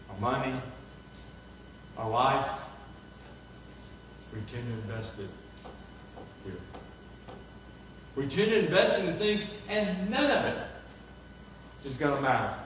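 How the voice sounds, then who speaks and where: A man preaching a sermon, animated and acting out the voices of people he quotes. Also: mid-range voice, slight background noise. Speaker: pastor. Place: church sanctuary. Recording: echoey hall from far off.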